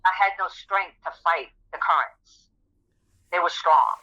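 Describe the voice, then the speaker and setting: Bright-voiced woman telling her story. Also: lowish voice, unhurried, lo-fi sound. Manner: earnest, dramatic retelling. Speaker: guest telling her testimony. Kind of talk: emotional personal storytelling.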